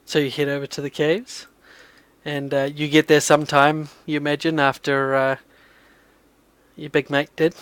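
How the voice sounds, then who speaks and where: A man's voice: fairly high pitch, little pitch movement, moderate pace, fairly bright tone, smooth, dry recording. Man narrating a tabletop game. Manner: casual, many fillers. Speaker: game master.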